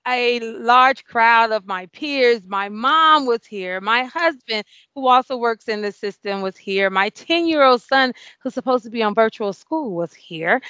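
A woman in her forties, a nurse being interviewed, telling an emotional story with many fillers and excited outbursts. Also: a little high, unhurried, no echo. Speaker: award-winning nurse guest.

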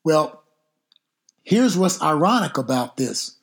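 A middle-aged man, a football coach hosting a podcast, telling stories casually in an unhurried, drawn-out way with some mild cursing. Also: on the high side, sing-song. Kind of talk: casual storytelling.

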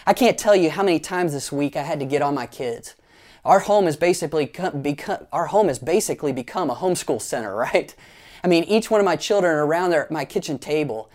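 Animated pastor man preaching. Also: on the high side. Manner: animated storyteller, playful asides, leads the congregation in actions. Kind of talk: sermon.

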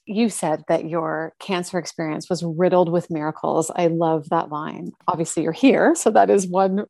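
A woman hosts a podcast interview, asking her guest questions and affirming what she hears. Her voice sits fairly low. The sound is dry and close, with no room around it. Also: steady tone, moderate pace, gravelly, mellow, dry recording. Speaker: podcast host.

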